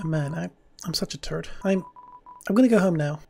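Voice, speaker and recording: A woman's voice: on the low side, moderate pace, creaky, dark tone, slight background noise. A woman streamer giving casual, crude, jokey let's-play commentary with plenty of swearing.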